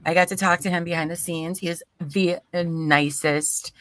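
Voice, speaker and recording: A woman's voice: on the low side, fairly even intonation, moderate pace, a bit bright. A woman hosting a live true crime stream, chatting casually and rambling with frequent laughs.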